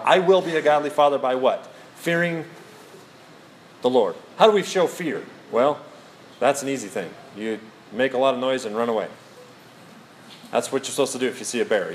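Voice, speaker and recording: A man's voice: medium pitch, a little hiss or hum. A middle-aged male pastor giving a sermon, telling stories with self-mocking humor and quoting scripture.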